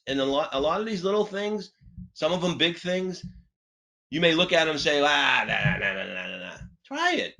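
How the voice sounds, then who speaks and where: A man who trains car dealership staff, telling a coaching story on a webinar with lively, punchy delivery. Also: low-quality recording. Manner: animated, punchy delivery with big pitch swings. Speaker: sales trainer and webinar host.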